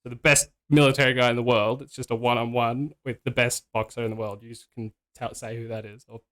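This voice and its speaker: A man's voice: medium pitch, flat delivery, quick pace, fairly bright tone. A man, a podcast guest talking casually and rambling through hypotheticals with lots of restarts.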